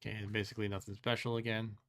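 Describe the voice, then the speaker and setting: A man's voice: on the low side, level tone, racing, a bit bright. A man hosting a let's play, thinking aloud as he plays, musing and second-guessing himself with wry complaints and frequent chuckles. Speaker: host.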